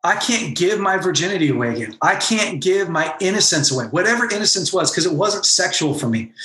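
A man's voice: high-pitched, expressive, a little fast, sharp tone, reverberant. A man and former pastor, talking as a podcast guest and telling an emotional personal story with earnest intensity. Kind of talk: candid podcast conversation.

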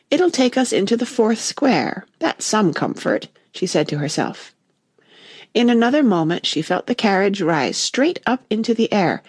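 A woman narrating a classic children's story in a lively, expressive reading voice. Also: medium pitch, husky, no echo, studio quality.

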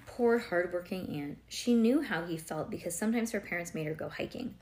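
A woman's voice: fairly low pitch, a little fast, darkish tone. A woman reading a children's storybook aloud in a home recording, breaking off to chat, quiz her listener and explain things, with many "like"s and "um"s. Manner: conversational, quizzes the listener, digresses with "like" and "um". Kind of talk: storybook reading with chatty asides.

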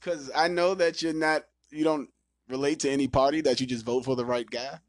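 A man in his thirties hosts a casual podcast and rants at length, swearing freely and laughing loudly when something gets to him. His voice sits in an ordinary middle register. The recording is dry and close, with no room sound. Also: medium pitch, fairly even intonation, a little fast, no room sound. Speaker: podcast host.

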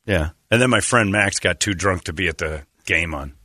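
A man's voice: deep voice, normal speed, no echo, clean studio sound. A man hosting a radio show, telling rambling stories in casual banter and acting out what people said. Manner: rambling, animated, acts out quotes.

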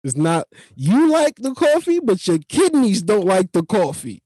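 Guy doing a earnest coffee clerk, slow and preachy, pitched up a bit. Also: huge pitch swings, warm tone, slightly rough, no room sound, heavily acted. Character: earnest male coffee shop clerk, caring lecturer.

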